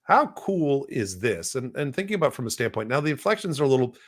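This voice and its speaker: A man co-hosting a podcast, chatting casually through a software demo with lots of fillers. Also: medium pitch, very animated, fast talker. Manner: rambling, many fillers. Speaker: podcast co-host.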